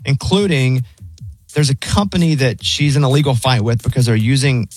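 A man hosting a radio show, telling stories in a relaxed, chatty way. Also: medium pitch, normal speed, faint music behind. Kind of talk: casual radio interview chat. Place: radio studio. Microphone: studio microphone.

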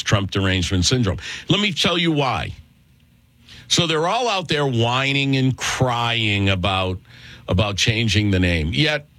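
A lower-voiced man hosts political talk radio, delivering commentary with heavy sarcasm and mocking leaps in pitch. The studio mic sound is close and dry, with no room around it. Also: fairly bright tone, dry recording. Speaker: radio talk show host.

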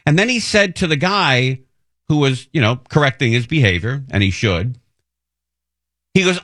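A middle-aged man on talk radio, rambling through a story with animated, self-deprecating energy. His voice sits at an ordinary pitch. The studio sound is dry and close. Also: moderate pace, long pauses, dry recording. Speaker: radio talk show host. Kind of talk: casual monologue storytelling. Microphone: studio microphone.

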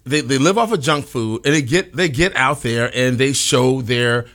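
Bright-voiced man, rambling opinions. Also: medium pitch, normal speed. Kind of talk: casual radio talk.

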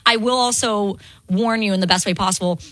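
A woman's voice: mid-range voice, fairly quick, a bit bright, dry recording, low-quality recording. A woman chatting as a guest on a radio show, laughing often and filling her talk with "like" and "um". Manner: chatty, laughing, many fillers. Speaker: guest performer. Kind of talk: casual radio interview chat.

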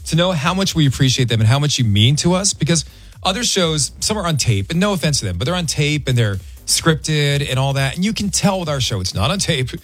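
Lively, joking radio host man. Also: a little high, a little fast, faint music behind. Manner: jokey, animated, laughs often. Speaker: radio morning show host. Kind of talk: casual on-air chat with callers.

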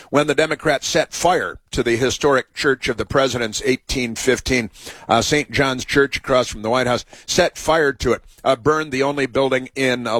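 A man from the United States hosting a call-in radio show, talking in a rambling and sarcastic way with many filler pauses. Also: medium pitch, fairly bright tone, no room sound. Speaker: radio talk show host.

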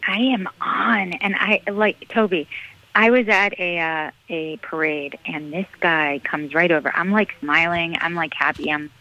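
Energetic, bright-voiced woman candidate. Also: fairly low pitch, a little slow, muffled recording. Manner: energetic, earnest, rallying. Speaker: political candidate. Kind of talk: radio interview guest.

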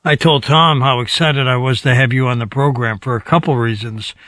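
A man hosting a radio talk show, brisk and conversational. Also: mid-range voice, fairly even intonation, a bit bright, no room sound. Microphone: studio mic, dry.

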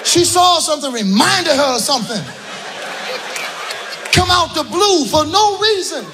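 Exasperated male comic with a high voice. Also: expressive, unhurried. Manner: exasperated, shouting punchlines, laughing through lines. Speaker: stand-up comedian. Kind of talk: stand-up comedy set. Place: comedy club stage. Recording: live club audio with crowd noise. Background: audience laughter.

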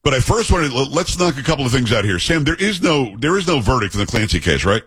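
A middle-aged man hosts a talk show in a loose, chatty way, tossing in jokes and teasing asides. His voice is a little husky and sits at an ordinary pitch. The sound is dry and close, with no room echo. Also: sing-song, fast talker, a bit bright. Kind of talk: casual talk radio monologue and banter.

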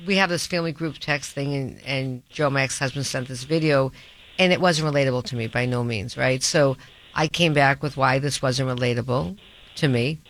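A woman's voice: rumbling low, moderate pace, poor audio. Earnest woman radio talk host. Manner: earnest, restarts sentences. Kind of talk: casual radio chat.

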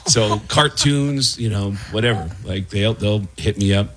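A middle-aged man, a voice actor and impressionist, telling an animated talk-show anecdote. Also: lowish voice, moderate pace, hardly any pauses, slightly rough. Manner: animated storytelling with laughs and quoted voices.

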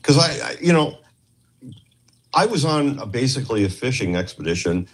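A man's voice: medium pitch, normal speed, husky. A man from Canada, a guest on a talk show, telling a long rambling story and acting out quotes from the people in it. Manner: rambling, animated anecdotes with acted quotes. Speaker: podcast guest, former police trainer. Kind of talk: casual storytelling interview.

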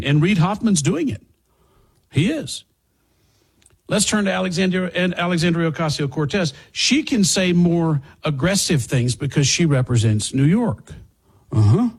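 Husky sarcastic male talk host. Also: on the high side. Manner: sarcastic, emphatic, plays clips. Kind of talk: political commentary monologue.

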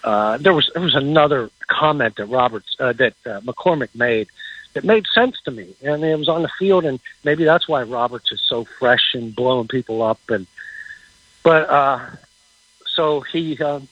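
A man giving casual football insight as a radio guest, halting and repeating words as he talks. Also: mid-range voice, breathy edge, dry recording, lo-fi sound. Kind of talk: casual sports talk on radio.

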